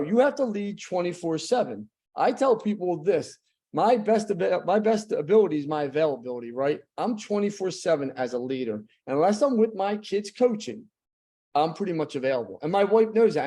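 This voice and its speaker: A man's voice: sits high, mellow. A middle-aged man giving a blunt, emphatic motivational talk as a guest speaker.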